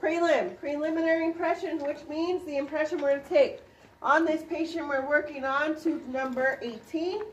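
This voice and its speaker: A woman, a dental instructor, demonstrating a procedure to a class and quizzing students with quick questions. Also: sits high, steady tone, recorded from a distance, slight background noise. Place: clinic classroom. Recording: roomy sound from off-mic.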